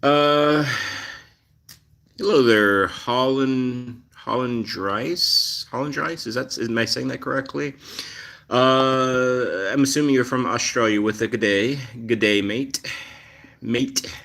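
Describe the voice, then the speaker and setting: A man's voice: mid-range voice, slow pace, creaky, a bit bright. A man hosting a casual live stream about his rescue cats, rambling with lots of fillers as he answers viewer comments. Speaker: cat channel host.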